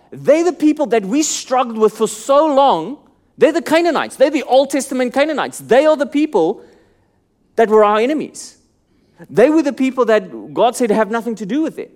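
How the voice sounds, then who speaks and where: A man preaching a sermon. He moves between calm Bible teaching and rising, pleading appeals, then drops almost to a hush. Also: very high-pitched. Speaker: pastor.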